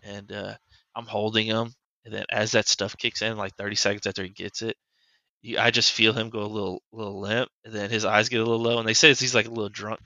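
A man's voice: fairly low pitch, little pitch movement, fast, pushed and bright, no room sound, low-quality recording. A man hosting a podcast, telling a personal story as a father in a loose, rambling way that is full of "like". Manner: loose and rambling, heavy use of "like". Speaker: podcast host. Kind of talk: casual storytelling chat.

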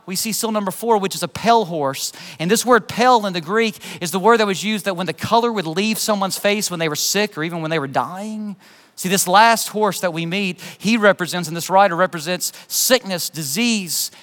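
A man preaching a sermon as pastor, passionate, swinging from urgent appeals to soft, quiet emphasis. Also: sits high. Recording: long hall reverb.

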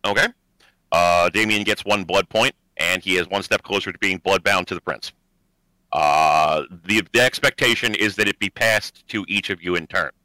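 Man, game master, explains rules with hesitant fillers, low bright voice, dry sound. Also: moderate pace, dry recording, rough recording. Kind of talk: narrating a tabletop game.

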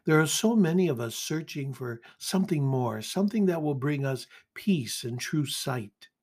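A man with a husky, slightly breathy voice leads a daily devotional reflection. He talks in an earnest, inviting way, as if speaking to each listener directly. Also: fairly high pitch, animated, moderate pace, a little mellow. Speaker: host of a daily reflection podcast. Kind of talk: devotional reflection and scripture reading.

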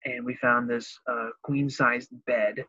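Young man, husky voice, dry close lo-fi sound, chatty and animated. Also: slow, dry recording. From Illinois, US. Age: young adult. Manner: animated, laughs often, breaks into high excited voices. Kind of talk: casual chat. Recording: dry, slightly dull lo-fi sound.

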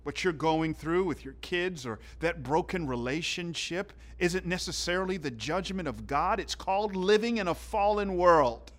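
A man from the southern United States preaching a sermon, telling stories in an animated way and swinging between loud and hushed. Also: high-pitched, moderate pace, few pauses. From southern United States (Atlanta). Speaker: pastor.

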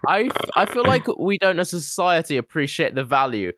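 A man, co-hosting a casual comedic chat, joking around and breaking into loud silly voices. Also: a little high, very animated, brisk, no room sound, studio quality.

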